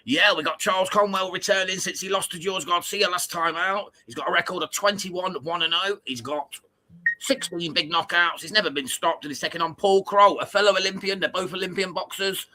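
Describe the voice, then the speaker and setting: A man's voice: high-pitched, brisk, sharp tone, slight background noise, poor audio. A British man co-hosting a boxing watchalong, chatty and matter-of-fact, often calling people mate. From Britain. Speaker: co-host giving fight stats. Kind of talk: casual watchalong chat.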